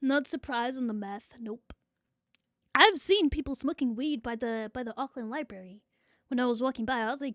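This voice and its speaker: A woman's voice: high voice, moderate pace, a bit bright, no echo, studio quality. A young woman, chatting casually on a livestream and answering viewer comments in a rambling way. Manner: chatty, rambling, repeats phrases, swears casually. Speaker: VTuber streamer.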